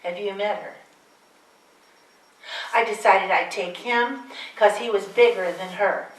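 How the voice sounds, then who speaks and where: A woman's voice: mid-range voice, fairly even intonation, slow pace, recorded from a distance, lightly acted. A woman playing an older Mary, wry and chatty, echoey room. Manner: chatty, wry asides to the audience. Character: aged Virgin Mary, wry, homespun storyteller. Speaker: one-woman stage performer. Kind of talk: live character monologue.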